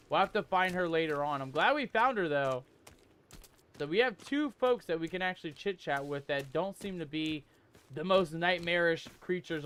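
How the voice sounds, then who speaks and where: A man playing a survival horror game and commenting as he goes, calling his viewers "mateys" and shouting when he gets scared. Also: on the high side, clean tone. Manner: jumpy, excitable, loud when scared. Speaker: gaming YouTuber. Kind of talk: let's play commentary.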